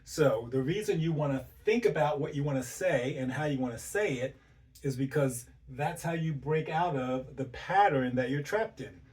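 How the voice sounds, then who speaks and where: A man's voice: on the high side, moderate pace, a little mellow, far from the mic. A man giving relationship advice as a coach, speaking directly to the listener and repeating his points with rhetorical questions. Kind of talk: motivational advice talk.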